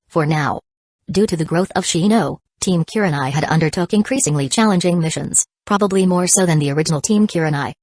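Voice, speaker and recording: A woman narrating a novel as an audiobook in an even, steady reading manner. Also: low-pitched, no echo.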